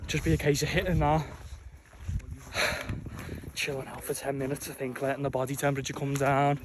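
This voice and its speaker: A young man, narrating a hiking vlog in a steady, relaxed way. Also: mid-range voice, normal speed. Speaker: hiking vlogger. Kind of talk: casual outdoor vlog narration. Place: outdoors on a mountain summit. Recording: outdoor recording with clear wind and nature noise.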